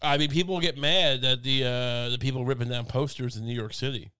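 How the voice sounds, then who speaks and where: A man's voice: mid-range voice, steady tone, a little fast, bright, forceful tone, smooth. A young man co-hosting a casual comedic podcast chat, rambling with stammered restarts and silly put-on voices. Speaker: podcast co-host.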